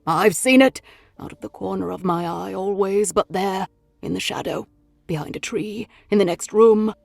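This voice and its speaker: A woman's voice: medium pitch, moderate pace, vocal fry, darkish tone, no room sound, soft background music. A woman voicing a frightened Victorian spiritualist man. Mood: fearful.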